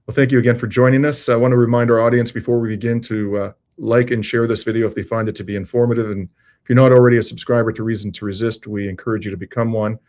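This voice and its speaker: A male interview host with a mid-pitched voice and a measured, deliberate delivery. He often pauses on "uh" as he sets up his questions. He sounds like he is on a video call. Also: flat delivery, darkish tone. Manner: measured, many "uh" fillers. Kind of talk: scripted intro then interview questions.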